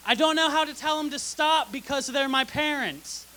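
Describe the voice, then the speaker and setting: Young female stand-up, very high and bright voice, sarcastic dry delivery, live theater stage mic. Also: moderate pace, rough recording. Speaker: stand-up comedian. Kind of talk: stand-up comedy set.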